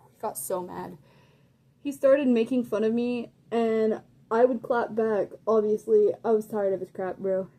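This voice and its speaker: A teenage girl telling a story in a casual rant, sassy and animated, saying "like" constantly. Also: mid-range voice, moderate pace. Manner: sassy, animated, heavy use of "like". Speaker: vlogger.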